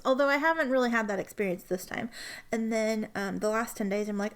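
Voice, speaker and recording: A woman's voice: on the high side, fairly quick. A young woman chatting casually at her desk as an ink vlogger, rambling with lots of fillers and restarts, recorded on a camera mic. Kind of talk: casual chat.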